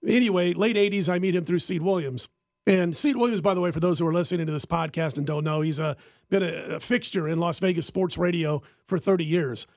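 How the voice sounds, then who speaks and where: A high-pitched man telling a lively story on a sports-betting podcast, laughing as he goes. The sound is dry and close, with no echo. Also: a little fast. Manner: animated storyteller who laughs often. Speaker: podcast host and sports handicapper.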